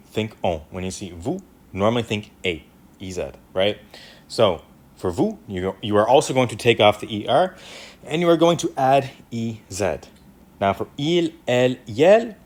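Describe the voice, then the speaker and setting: Man, french teacher, casual lesson, animated pitch, step-by-step explaining. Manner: lively, repeats "right?" and "easy enough", walks through steps.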